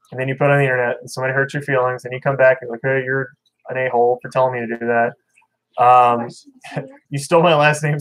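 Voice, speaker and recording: A man in the middle of a loose livestream chat about fishkeeping, reading viewer comments aloud as he goes. He talks bluntly and candidly, with strong opinions and plenty of rambling asides, at an ordinary mid pitch. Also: fairly bright tone, rough recording. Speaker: fishkeeping channel host.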